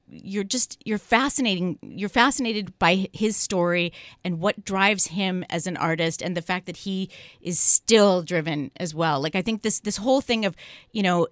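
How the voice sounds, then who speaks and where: A woman's voice: medium pitch, a bit bright, no echo, studio quality. A woman film critic on a radio show, talking thoughtfully and searching for her words. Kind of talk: conversational film review. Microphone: studio microphone.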